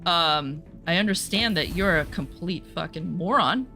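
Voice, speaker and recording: A woman's voice: lowish voice, measured pace, bright, forceful tone. A young adult woman streaming and telling a story in casual chat, sarcastic and profane, over faint music. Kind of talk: casual chat while gaming.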